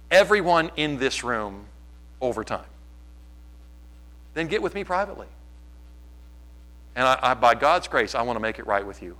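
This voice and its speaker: A man preaching a sermon in his church, swinging from loud, lively delivery to quiet asides. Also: mid-range voice. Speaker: pastor.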